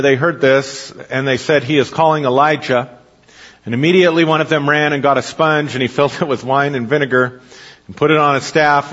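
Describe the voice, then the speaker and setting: A man preaching in a somewhat high voice, reading scripture and breaking off to explain it. His words ring out with a long hall reverb, and the recording sounds dull. He stops now and then to check that his listeners follow. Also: a bit bright.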